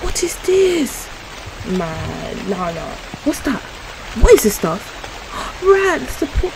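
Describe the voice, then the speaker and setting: A woman's voice: medium pitch, big pitch swings, slow, vocal fry, noisy background. A young woman, commentating a horror game she is playing, jumpy and easily startled, with gasps and exclamations. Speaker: gaming YouTuber.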